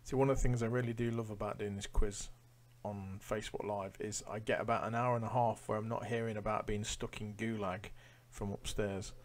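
A man hosting a pub quiz live from home, reading each question slowly and repeating it between relaxed, joking asides. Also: fairly low pitch. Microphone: webcam or phone facing himself.

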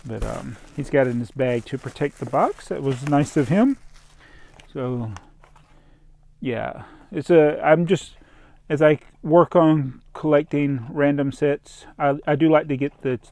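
A man's voice: a little high, a little slow, creaky, a little mellow, dry recording. A man chatting casually as he unboxes toy parts, rambling and chuckling while he thinks aloud. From American South. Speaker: toy collector vlogger.

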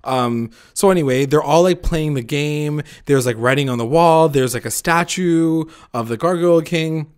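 A man's voice: fairly high pitch, normal speed, hardly any pauses, darkish tone, clean tone. Rambling, cursing male podcast host. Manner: rambling, profane, heavy use of "like"; acts out characters' lines in retelling. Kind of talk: casual recap chat.

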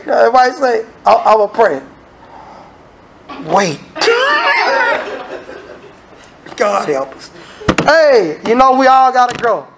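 A man's voice: high-pitched, creaky, noisy background. A man preaching an evening church sermon, acting out quoted voices. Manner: animated, acts out quoted voices. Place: church sanctuary.

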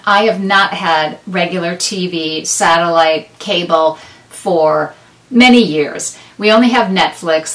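A woman's voice: mid-range voice, fairly bright tone, distant mic. A middle-aged woman hosting a knitting podcast, chatting casually and rambling with self-deprecating asides. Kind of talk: casual chat to camera. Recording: roomy sound, a bit off mic.

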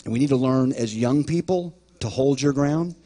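Mellow-voiced pastor preaching emphatically. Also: male voice, medium pitch, moderate pace. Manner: emphatic, repeats words, quotes imagined voices. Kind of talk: sermon.

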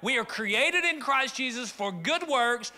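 A man's voice: very high-pitched, animated, measured pace, pushed and bright. A middle-aged man from rural Arkansas, preaching a conversational sermon that rises into fervent appeals. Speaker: pastor.

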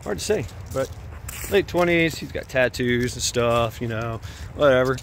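A man's voice: medium pitch, animated, moderate pace, a little hiss or hum. A man vlogging while walking his dog outdoors at night, telling a story in a rambling way with lots of fillers and restarts.

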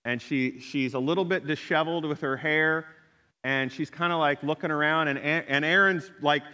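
A middle-aged man preaching a sermon, telling a personal story in an animated way and acting out the people he quotes. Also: fairly high pitch, normal speed. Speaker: pastor. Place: church sanctuary. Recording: long hall reverb.

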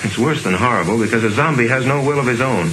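A man's voice: medium pitch, fast, close to an everyday voice. An actor playing a man earnestly explaining something in a scene from an old film. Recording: hissy old film audio.

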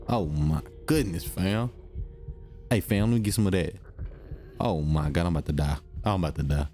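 A young man giving excitable, slangy commentary while playing a video game, talking to himself and hushing when the game gets quiet. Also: deep voice, moderate pace, a little hiss or hum. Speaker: gaming video host. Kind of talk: let's-play commentary.

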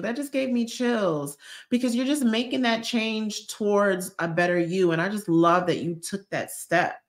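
A woman's voice: mid-range voice, a little slow. A woman, chatting casually on a live stream and reading out viewer comments in a bubbly, slangy way. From Georgia, US. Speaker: lifestyle YouTuber hosting a live stream.

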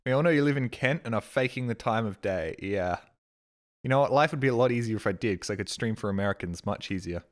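A man's voice: medium pitch, quick pace. Aussie guy on a live stream, rambling and joking with chat, swears a lot, thanks subs as he goes. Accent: Australian. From Australia.

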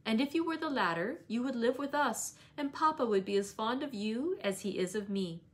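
A woman reading aloud, voicing an impulsive, warm-hearted young lady who is earnest and quick to anger. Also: fairly high pitch, animated, natural voice.

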